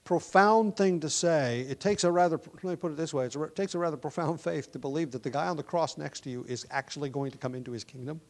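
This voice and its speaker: A man preaching a sermon. He often drops to a soft, hushed voice and then rises to loud, emphatic lines, and he sometimes restarts or repeats words while he explains. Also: a little high, quick pace, hardly any pauses. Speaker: pastor.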